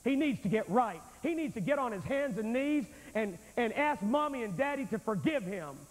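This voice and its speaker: A man's voice: very high voice, animated, moderate pace, big-room sound, poor audio. A man preaching a fiery revival sermon in a large church, emphatic and calling his listeners friend, recorded on an old VHS tape.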